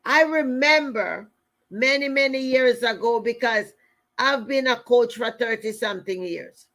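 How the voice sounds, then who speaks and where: A woman in her fifties, a coach giving a motivational talk, speaking deliberately and repeating phrases for emphasis. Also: a little high, fairly bright tone.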